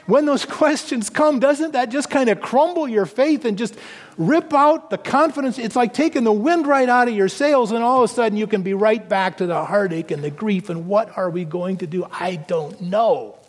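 A man preaching a sermon as pastor, earnest, dropping low and soft for emphasis. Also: moderate pace, in a large hall.

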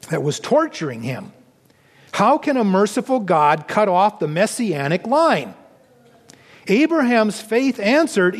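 A man preaching a sermon as pastor, earnest, dropping low and soft for emphasis. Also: in a large hall.

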